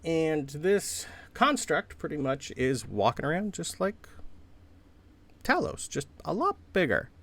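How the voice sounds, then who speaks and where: A man's voice: on the high side, wildly swooping pitch, slow, a bit bright. Man running a tabletop game, casual. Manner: loose, filler-heavy description. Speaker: game master.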